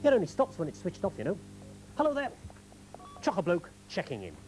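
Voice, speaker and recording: A children's television presenter talking slowly and coaxingly to young viewers, making animal noises in a sing-song manner. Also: medium pitch, wildly swooping pitch, music in the background, low-quality recording.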